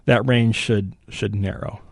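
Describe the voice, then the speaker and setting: A man's voice: on the low side, steady tone, measured pace, gravelly, darkish tone, no echo, clean studio sound. A man analysing election forecasts in a casual podcast chat, thinking aloud and hedging with frequent "you know" and "right?".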